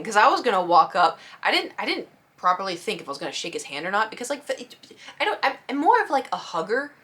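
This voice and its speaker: Fast-talking bright young woman vlogger. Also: medium pitch, sing-song. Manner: rambling, self-deprecating, acts out her own reactions. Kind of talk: casual storytelling vlog.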